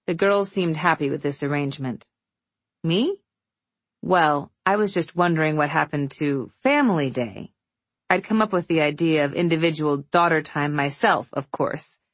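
A woman's voice: deep voice, moderate pace, no echo. A woman narrating a novel in the first person, with a wry, affectionate storytelling manner. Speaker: audiobook narrator.

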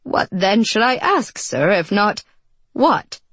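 A man's voice: high voice, very animated, slow pace, bright, forceful tone, slightly rough, dry recording, full character voice. A woman reading a storybook voices a cheerful, unflappable male servant who speaks lightly and politely to his master. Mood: amused, polite.

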